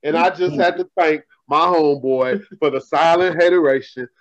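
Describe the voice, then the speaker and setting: Animated high-voiced man telling stories. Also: normal speed, lo-fi sound. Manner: profane, animated storytelling, laughing. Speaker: podcast host. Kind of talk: casual storytelling chat.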